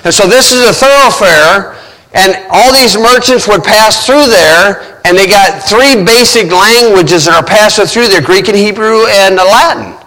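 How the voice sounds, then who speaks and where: High, bright-voiced storytelling preacher. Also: male voice, in a large hall, poor audio. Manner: vivid storytelling, shifting pace. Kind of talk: sermon.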